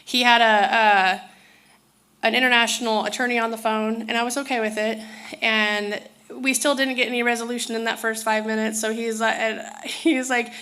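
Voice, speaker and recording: Woman, casual storyteller, rambling delivery with restarts, voice sits on the high side. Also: little pitch movement, moderate pace, bright, forceful tone. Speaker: spiritual speaker.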